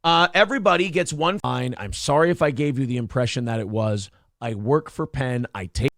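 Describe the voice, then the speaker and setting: A man's voice: medium pitch, fairly quick, fairly bright tone, dry recording, clean studio sound. A man hosting a casual live talk show, rambling with apologetic asides.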